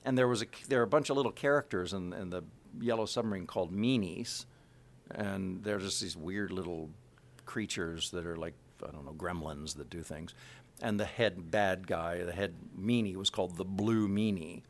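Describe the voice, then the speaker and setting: Middle-aged man, a voice actor, with a lower, gravelly voice and lively delivery. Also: moderate pace. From Kansas City, USA. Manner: animated, full of filler words. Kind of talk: casual interview talk.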